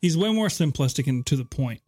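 A man's voice: fairly high pitch, expressive, fairly quick, a little mellow, husky. A man co-hosting a casual political podcast, chiming in with agreeable, chuckling asides. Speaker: podcast co-host.

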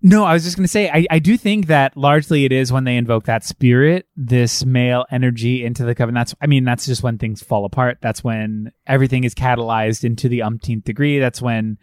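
A man's voice: medium pitch, brisk, few pauses, a little mellow, dry recording, studio quality. A man in a casual chat about a film, retelling scenes by acting out the characters' lines and swearing freely.

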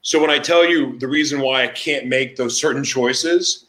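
A man hosting a casual chat, telling candid stories in an animated way. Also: medium pitch, moderate pace, echoey room.

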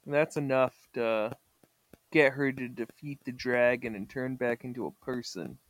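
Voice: mid-range voice, normal speed, no echo. Wry podcast co-host, dry sound. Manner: wry, jokey deadpan comments. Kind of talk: casual chat recapping comics.

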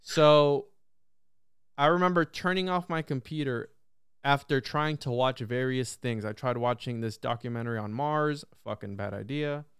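A young man telling a long story in a casual podcast chat, animated and full of swearing and restarts. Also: mid-range voice, clean tone, dry recording, clean studio sound. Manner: animated, heavy swearing, quick repeated restarts. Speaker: podcast guest.

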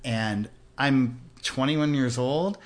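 A man in his sixties from Los Angeles, talking at an ordinary mid pitch. He tells casual stories as a podcast guest. He jumps into the voices of the people in his anecdotes. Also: slow. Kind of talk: casual storytelling. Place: host's house.

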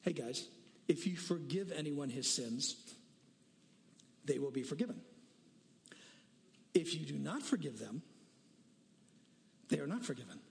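A man's voice: a little high, animated, unhurried, creaky, pauses often, big-room sound. A man preaching a sermon, telling a story with voices for each person and daring listeners to pray honestly. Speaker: pastor.

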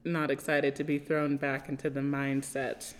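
A woman co-hosting a podcast, with an accent that blends American Southern and Jamaican, laid-back and quick to laugh. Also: a bass voice, level tone, a little hiss or hum. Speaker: podcast co-host. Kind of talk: casual chat.

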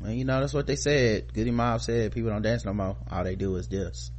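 A man's voice: on the low side, fairly even intonation, a little fast, a little mellow, slight background noise. Mock-indignant joking male podcast host. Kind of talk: casual chat.

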